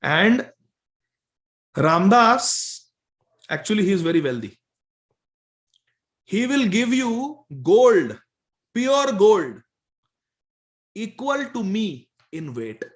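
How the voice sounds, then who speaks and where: A man's voice: high-pitched, very animated, drawn-out words, pauses often, voice pushed up, heavily acted. A man voicing a playful male deity who teases and coaxes in a devotional story. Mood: coaxing. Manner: coaxing, teasing. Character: Lord Dwarkadish, a playful, bargaining male deity.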